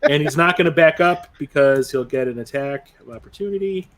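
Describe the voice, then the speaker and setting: A man's voice: fairly high pitch, brisk, a bit bright. Laid-back man running a tabletop game. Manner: casual, laughs easily, swears freely. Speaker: game master.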